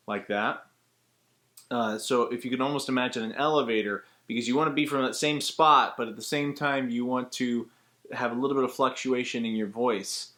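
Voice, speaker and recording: A man's voice: mid-range voice, moderate pace. Chatty male voice actor explaining technique. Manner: explains step by step, chatty and relaxed. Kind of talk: casual spoken tutorial.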